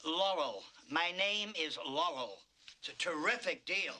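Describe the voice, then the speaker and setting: A man's voice: fairly high pitch, animated, takes it slowly, sharp tone. A man in a spoof comedy film with a gleeful, prissy manner.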